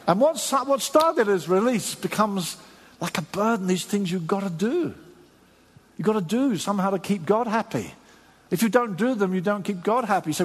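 A man preaching a sermon, lively and animated, acting out the voices of the people he quotes. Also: high voice, moderate pace, husky, long reverb tail.

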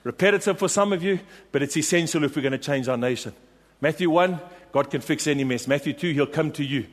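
Fast-talking and fairly high-pitched, a preacher rallies his congregation with questions and refrains, emphatic and repetitive. His sermon echoes with the long reverb of a large hall.

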